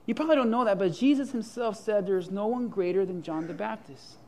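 A man preaching a sermon with humor and imagined dialogue, swinging from loud to hushed. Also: high-pitched, a little fast, a little hiss or hum. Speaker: pastor.

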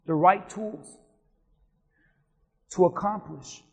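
A male pastor with a very high voice delivers a lively storytelling sermon. He drops to a near hush, then climbs into shouting. The sound carries a long reverb from a large church sanctuary. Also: slow, vocal fry. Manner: animated storytelling, swings from hushed to shouting.

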